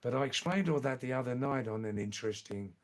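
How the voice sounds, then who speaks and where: A man's voice: medium pitch, expressive, fast talker. Chatty man hosting a live stream. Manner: chatty, repeats phrases, teasing. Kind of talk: casual live-stream chat with viewers.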